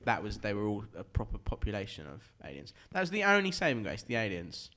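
An excitable man co-hosting a podcast with his mates. His pitch jumps all over the place as he talks, and he keeps breaking into laughter. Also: fast. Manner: loud, excitable, laughs a lot. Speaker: podcast co-host. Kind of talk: casual banter among friends.

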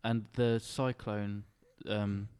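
A man's voice: fairly low pitch, flat delivery, very slow, a little mellow, clean tone. A young man chatting casually on a podcast, rambling through stories and laughing often. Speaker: podcast host. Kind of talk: casual chat among friends.

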